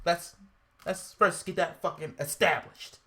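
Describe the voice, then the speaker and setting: A woman's voice: lowish voice, a little slow, a bit bright. A woman co-hosting a podcast, ranting with profanity, repeating herself and growing indignant. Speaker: podcast co-host. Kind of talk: heated casual podcast rant.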